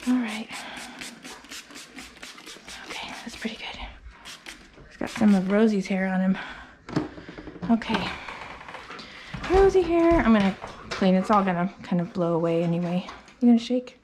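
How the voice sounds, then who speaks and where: A woman grooming a dog, talking casually and coaxing it softly as she works. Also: mid-range voice, animated, moderate pace, long pauses, slight background noise. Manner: soothing and coaxing, talks to the dog. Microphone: phone.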